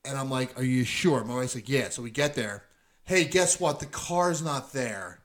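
A middle-aged podcast co-host tells heated, profane stories in a casual chat, acting out the people involved. His voice is mid-range and his speed normal.

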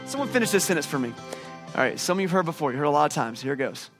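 High-voiced man preaching a lively sermon. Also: very fast, over loud music. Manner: lively storytelling with frequent restarts. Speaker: pastor. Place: church stage with a screen behind him.

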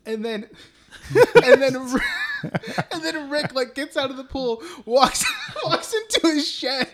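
A man's voice: very high voice, lively intonation, a little slow, noisy background. A man co-hosting a casual film podcast, retelling the story in a rambling way. He swears constantly and breaks into laughter. His talk is loose and unscripted. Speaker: podcast co-host.

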